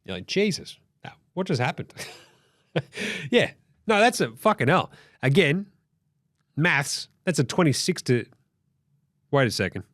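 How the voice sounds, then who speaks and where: A young Australian man hosting a casual sports recap, sweary, excitable and jokey. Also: fairly high pitch, a little slow, long pauses, no room sound, studio quality. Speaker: host.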